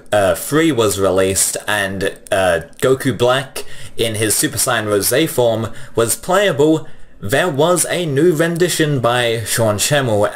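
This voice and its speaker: A man giving casual opinion commentary, rambling and leaning on fillers like "you know" and "like". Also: fairly low pitch.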